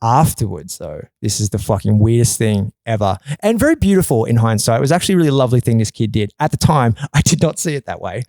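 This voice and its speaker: A man telling a long, animated story in a casual podcast chat, often swearing and acting out quotes in a loud, high voice. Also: fast talker, few pauses, no echo. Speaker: podcast guest.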